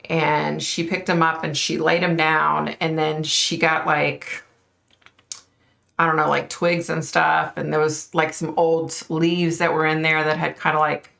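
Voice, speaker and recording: Speaking casually to camera, a woman vlogger recounts a psychic vision in a loose, rambling way packed with fillers, pointing at an imagined map. Her deep voice has vocal fry and a fairly bright tone, moves little in pitch, and runs a little slow.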